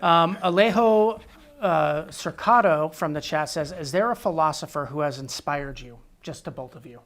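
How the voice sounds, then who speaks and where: A man moderating a livestream, reading viewer questions from the chat in a relaxed way. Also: a little high, moderate pace. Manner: relaxed, reads chat aloud.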